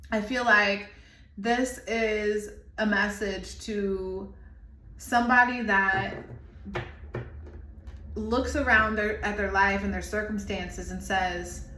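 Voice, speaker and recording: Her voice medium-pitched, pushed and bright, a tarot reader in her thirties delivers an intuitive reading from an echoey room. She rambles emotionally, searching for what to say.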